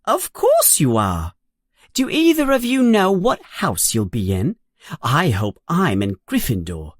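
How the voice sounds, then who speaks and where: A narrator voicing a bossy, fast-talking know-it-all schoolgirl in a children's story, pitching the voice higher. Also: huge pitch swings, dry recording, clean studio sound. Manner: quick and bossy.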